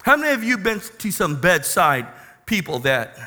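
A male pastor preaching a sermon who swings from quiet storytelling to loud, joyful exclamations. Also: high-pitched, very animated, moderate pace, in a large hall.

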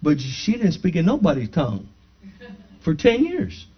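A man's voice: a little high, huge pitch swings, unhurried. A man preaching, telling a personal story to his congregation and acting out the dialogue, then building to fervent praise. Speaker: pastor. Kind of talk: sermon testimony. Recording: dull lo-fi recording.

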